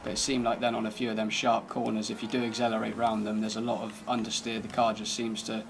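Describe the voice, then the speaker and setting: A man's voice: on the low side, completely flat delivery, fast talker, gravelly, noisy background. A man giving casual, laid-back commentary over gameplay, thinking aloud as he drives and tests a car. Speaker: gaming channel host.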